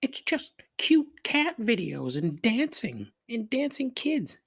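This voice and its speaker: A man's voice: huge pitch swings, slow pace, vocal fry, a bit bright, husky, full character voice. A man putting on the mocking, whiny voice of a naive, dismissive person. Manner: mocking high whine.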